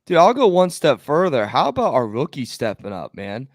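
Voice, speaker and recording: A man co-hosting a sports podcast, talking in an excitable, emphatic way in casual chat. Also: medium pitch, normal speed, dry recording, studio quality. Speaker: podcast co-host.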